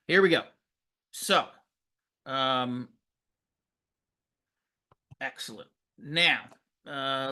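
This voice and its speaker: Brief: male instructor, slightly higher voice, video-call training, practical and encouraging, filler-heavy. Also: bright, forceful tone. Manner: works hands-on with tools while talking. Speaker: fire service instructor. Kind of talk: live online training demonstration.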